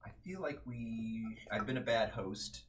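A man's voice: lowish voice, a little slow. A man playing in a tabletop game, speaking earnestly and apologetically. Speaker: player.

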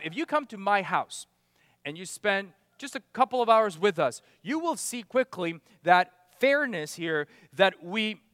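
A man preaching as pastor, emphatic, with rhetorical questions and swings between loud and soft. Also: sits high, dry recording, studio quality, in a large hall. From outside America. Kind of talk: sermon.

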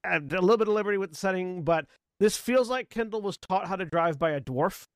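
A man chatting as a player in a tabletop game, halting and chuckling between remarks. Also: high-pitched, clean tone, no room sound, studio quality. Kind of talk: casual tabletop game chat.

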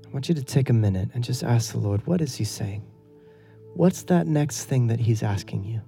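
A man's voice: medium pitch, expressive, moderate pace, vocal fry, dark tone, soft background music. A middle-aged male pastor delivering an earnest, conversational sermon full of rhetorical questions.

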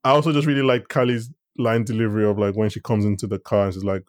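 Laid-back low-voiced man chatting. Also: steady tone, very fast, few pauses. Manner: laid-back, quotes lines from the show. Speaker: podcast host. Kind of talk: casual chat.

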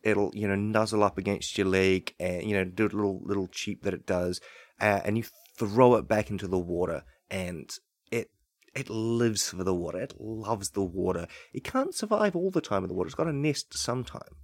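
NZ-accented male comic, low-pitched, dry close sound, conspiratorial deadpan patter. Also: moderate pace, no echo. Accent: New Zealand. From New Zealand. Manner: conspiratorial, chatty, many asides and rhetorical "right?".

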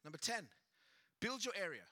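A man preaching a sermon as pastor, swinging between loud shouted passages and hushed near-whispers and acting out quoted voices. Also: sits high, sing-song, moderate pace, dry recording, clean studio sound.

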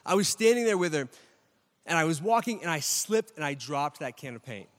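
Man, pastor, lively sermon, asks the crowd questions, slightly high voice, long hall echo. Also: fairly quick.

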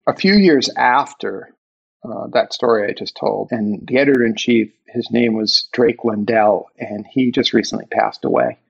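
A middle-aged man with a gravelly, husky voice reflects on his career and acts out old conversations. The sound is dull and lo-fi. He speaks with emotion and ranges widely when quoting others. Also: medium pitch. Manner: emotional, animated retelling of conversations. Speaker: interview guest, author. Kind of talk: reflective storytelling.

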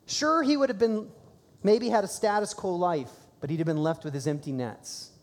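Man, pastor, conversational sermon, excited bursts, church service, long hall echo. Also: sits high, moderate pace.

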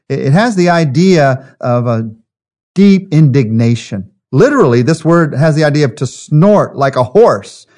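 Earnest male pastor preaching. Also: mid-range voice. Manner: earnest, slows and softens on key phrases. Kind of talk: sermon.

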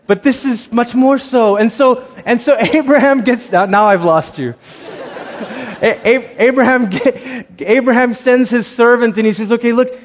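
A man's voice: sits high, long reverb tail. A man preaching a sermon, telling stories in a conversational way and acting out the quoted voices. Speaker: pastor.

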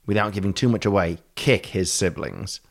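A man's voice: sits low, lively intonation, moderate pace, creaky. A man co-hosting a casual podcast chat, rambling and laughing as he talks. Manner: rambling, laughing, puts on silly accents. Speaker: podcast co-host.

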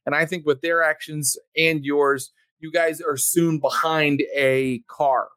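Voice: mid-range voice, fairly even intonation, a little slow, fairly bright tone, dry recording. A game master narrating a tabletop game in a loose, rambling way, full of ums and likes. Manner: rambling, many ums and likes, laughs often.

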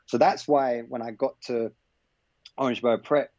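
A man's voice: medium pitch, fairly even intonation, moderate pace, darkish tone, no echo. A man from England, guesting on a podcast and telling a personal story in a loose, conversational way. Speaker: podcast guest, basketball coach. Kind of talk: casual storytelling in an interview. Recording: slightly dull, lo-fi podcast audio.

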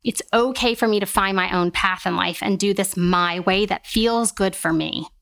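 A woman's voice: mid-range voice, normal speed, creaky, fairly bright tone. Reassuring woman speaking emphatically. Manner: reassuring, emphatic, uses "like" often. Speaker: guest, occupational therapist. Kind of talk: casual interview conversation.

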